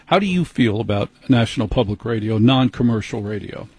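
A man's voice: medium pitch, expressive, brisk, a little mellow, husky. A man hosting an interview, sharing strong opinions in a conversational way. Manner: opinionated, mimics others for effect. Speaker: host.

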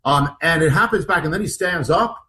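Bright-voiced man telling a gripping story. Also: a little high, poor audio. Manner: halting, repeats words and restarts often; vivid, acts out what others said. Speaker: author guest. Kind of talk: animated interview storytelling.

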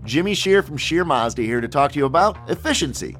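Man, car dealer, friendly radio ad, lively pitch, faint music underneath. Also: a little fast. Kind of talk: scripted radio ad.

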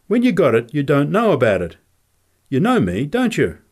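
A man's voice: on the high side, wildly swooping pitch, normal speed, a little mellow, slightly rough, voice pushed up, heavily acted. A man voicing a little former prize fighter who is odd and insistent, in a storybook reading. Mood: eager.

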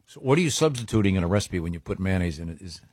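Low, husky man with wry asides. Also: animated, very fast, darkish tone, no room sound. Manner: wry, reads letters with dry asides. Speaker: radio show co-host. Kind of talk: casual radio banter. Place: radio studio. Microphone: studio mic.

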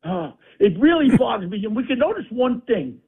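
Radio phone-in guest, New man, high and strident, blustering political tirade, phone-quality audio. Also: very animated, moderate pace, slightly rough. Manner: combative, insulting, blustering. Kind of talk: angry political rant. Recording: tinny phone line.

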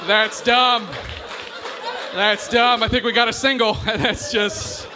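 A man's voice: extremely high pitch, steady tone, slow, crowd noise, noisy background. A young man doing a stand-up comedy set, rambling and self-mocking, laughing at his own jokes. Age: young adult. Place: comedy club stage with live audience. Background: audience laughter.

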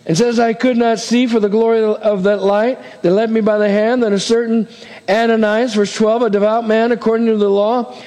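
Male pastor, a bit high voice, dramatic sermon delivery, long church reverb. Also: normal speed. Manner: animated preaching, voices Bible figures with big pitch swings.

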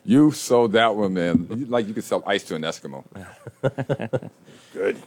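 Male co-host, low voice, teasing, leads a prayer. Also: expressive, measured pace, a little mellow. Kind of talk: prayer and casual banter.

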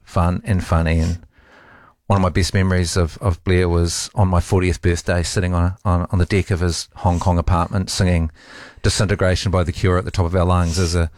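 Deep-voiced man giving a tribute. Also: little pitch movement, dry recording, studio quality. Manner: halting, with restarts and soft laughs. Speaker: radio host. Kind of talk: heartfelt radio tribute.

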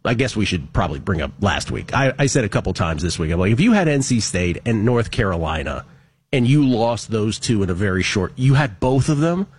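A man's voice: lowish voice, big pitch swings, brisk, a little hiss or hum. A man hosting a sports talk radio show, chatting casually and reading out listener messages with wry asides.

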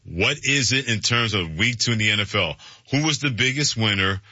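A man hosting sports talk radio with a very bright, husky voice. His delivery is energetic and chuckling, recorded dry and a little muffled. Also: lowish voice, normal speed, no echo.

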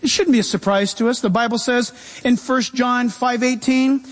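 Man preaching in a church hall, shifting loud and quiet, very high pitch. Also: normal speed. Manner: animated preaching, swings between loud and soft. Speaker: pastor. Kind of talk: sermon.

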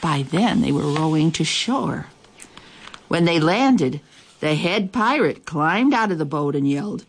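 A woman reads a children's picture book aloud, telling it through the boy's eyes. Her voice sits fairly low, but it moves around a great deal as she tells the story. Her storytelling is lively and expressive. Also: unhurried. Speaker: storybook reader.

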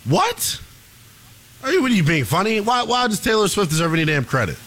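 A man's voice: sits high, big pitch swings, fairly quick, fairly bright tone. Exasperated young man ranting about sports. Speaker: sports show co-host. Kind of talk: heated sports talk.

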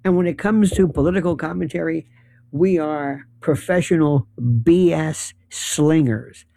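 A man's voice: on the high side, measured pace, creaky, dark tone, no room sound. A man giving a rambling, sardonic political commentary monologue, rattling off lists of issues.

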